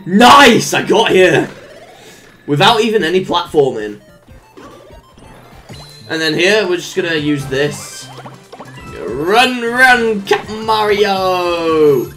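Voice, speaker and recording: A let's play commentator giving casual gameplay commentary, humming little made-up tunes, cooing at the game characters like pets and letting out sudden excited yelps and laughs. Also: mid-range voice, slow, long pauses, faint music behind. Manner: hums little made-up tunes while playing.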